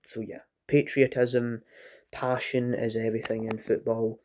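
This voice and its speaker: A man talks through a football match he watched, in a loose solo review vlog. He rambles at a mid pitch and often breaks off a phrase to start it again. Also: little pitch movement, measured pace, darkish tone, a little hiss or hum.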